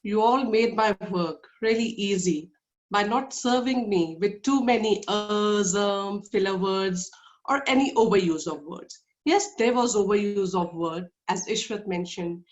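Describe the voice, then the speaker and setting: A woman giving a short, plain report at a club meeting, speaking softly. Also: mid-range voice, unhurried, lo-fi sound. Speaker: meeting role player.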